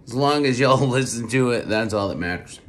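A podcast host, speaking with a hoarse, strained voice after losing it, ranting in casual political commentary with repeated words. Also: male voice, mid-range voice, moderate pace, a little hiss or hum. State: lost his voice.

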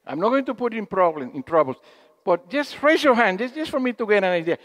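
Lively high-voiced man giving a spiritual talk. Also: fast talker, big-room sound. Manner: storytelling with questions to the audience, acting out quotes. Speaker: speaker at a spiritual gathering.

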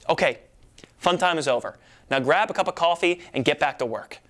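A man's voice: a little high, animated, fairly quick, a bit bright. Goofy guy hosting a jokey cleaning demo, voice jumps all over the place. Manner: goofy, playful, exaggerated. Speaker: presenter. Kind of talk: comedic product demo.

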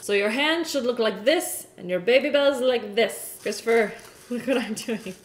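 A woman's voice: mid-range voice, lively intonation, normal speed. A young woman chatting casually through a cooking vlog in her home kitchen, bubbly and giggly. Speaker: cooking vlogger. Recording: echoey kitchen room.

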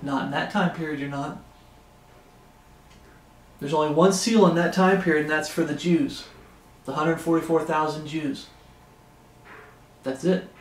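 A man's voice: on the high side, steady tone, unhurried, long pauses. A man preaching an expository Bible sermon with passion, often raising his voice. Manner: impassioned, raises his voice. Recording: echoey room.

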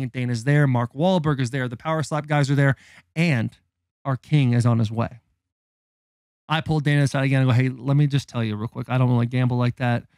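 A man in his thirties, a podcast co-host, telling a story in a casual, animated and profane way with dramatic build-up. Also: a little high, clear, resonant tone, dry recording, clean studio sound.

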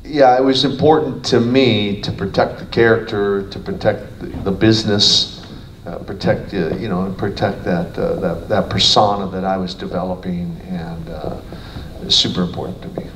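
In a relaxed interview, a man who used to wrestle rambles with plenty of restarts, speaking at normal speed in a low-pitched voice with fairly even intonation. The recording is roomy, from a distant mic, with faint noise.

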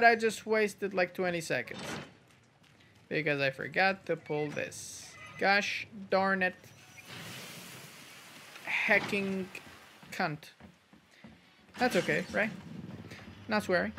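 A man's voice: high voice, takes it slowly, vocal fry, pauses often, bright, forceful tone, a little hiss or hum. A man giving casual, jokey commentary while playing a game, rambling, swearing and muttering to himself. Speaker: gaming channel host.

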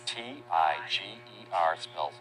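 Male children's teacher, unhurried, very animated sing-song delivery, lowish register. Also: loud music behind the voice. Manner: sing-song and patient, spells words out letter by letter and imitates animal sounds. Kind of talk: slow, simple teaching narration for young children.

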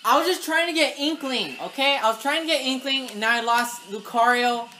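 A high-pitched woman narrating her own gameplay, excitable and quick to shout at the characters on screen. Faint game music plays behind her as she talks to the game. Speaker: gaming channel host. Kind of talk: live gameplay commentary.

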